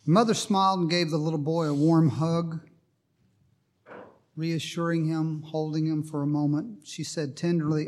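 A man's voice: on the high side, steady tone, normal speed. A man preaching a sermon, telling a story with a joke before reading from the Bible. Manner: storytelling with a joking aside, then Bible reading.

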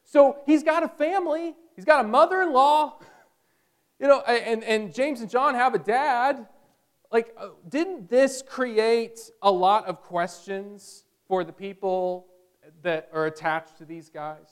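A man's voice: very high-pitched, a little slow, clear, resonant tone. A male pastor preaching a sermon in a conversational way, with bursts of energy.

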